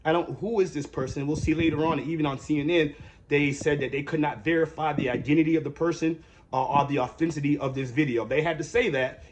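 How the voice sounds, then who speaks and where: A man's voice: fairly high pitch, a little hiss or hum. An American man giving a heated, preachy commentary rant, angry, profane and repetitive. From United States. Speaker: ministry commentator.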